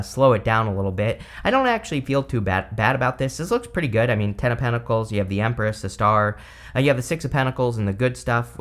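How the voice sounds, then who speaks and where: Rambling man giving a tarot reading. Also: lowish voice. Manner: chatty, rambling, many fillers. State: hiccups. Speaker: tarot reader.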